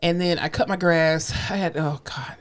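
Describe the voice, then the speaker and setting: A woman's voice: low voice, normal speed. A woman co-hosting a podcast, telling stories in casual chat, acting out other people's voices and swearing freely. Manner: animated storyteller, acts out voices, swears freely. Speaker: podcast co-host.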